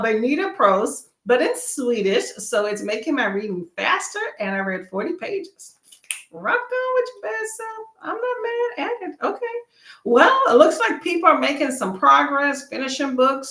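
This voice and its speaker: A woman's voice: on the high side, a bit bright. Upbeat chatty woman, roomy sound. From Texas, USA. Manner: chatty, upbeat, reads viewer comments aloud. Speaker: livestream host. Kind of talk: casual live chat during reading sprints.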